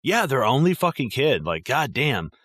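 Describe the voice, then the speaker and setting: A podcast co-host chats casually about a film in a movie-review conversation, rambling and swearing with lots of fillers. His mid-range voice is sing-song and a bit bright at a moderate pace, recorded in clean studio sound with no room ambience.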